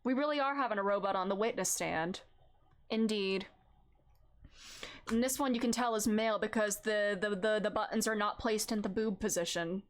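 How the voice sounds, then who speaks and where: A woman's voice: mid-range voice, moderate pace, a little hiss or hum. A woman streamer chatting and joking while playing a story game. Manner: chatty, joking, laughs often. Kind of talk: casual game commentary. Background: game music.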